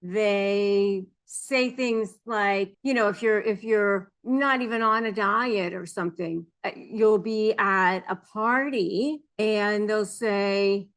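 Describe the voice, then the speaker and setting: A woman's voice: medium pitch, takes it slowly. A middle-aged woman giving earnest advice to camera as a coach, explaining behaviors and mimicking phrases people say. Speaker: narcissism negotiation coach.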